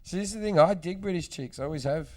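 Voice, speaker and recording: A man's voice: fairly high pitch, quick pace, a little mellow. A man co-hosting a podcast in casual chat, throwing in teasing jokes and his own stories. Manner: wisecracking, teasing interjections. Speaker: podcast co-host.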